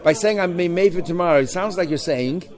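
A man teaching a Talmud class, talking through the text in an animated, questioning way and mixing in Hebrew terms. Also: high voice, fast.

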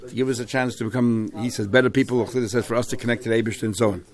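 A man teaching a Talmud class, weaving Hebrew terms into his English with halting restarts. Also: mid-range voice, fairly even intonation.

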